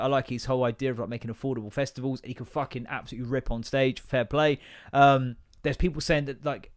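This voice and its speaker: English man, podcast host, casual solo chat, sweary, rambling, self-deprecating. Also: medium pitch.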